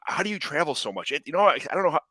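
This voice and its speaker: A man from the United States hosting a podcast, chatting casually in a quick, animated way. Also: on the high side, dry recording. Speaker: podcast host. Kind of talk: casual interview chat.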